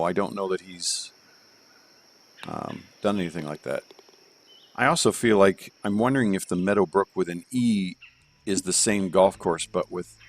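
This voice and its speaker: A man streaming live, reviewing golf courses in a rambling, joking way from home and thinking aloud with plenty of fillers. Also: low-pitched. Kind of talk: casual live game commentary.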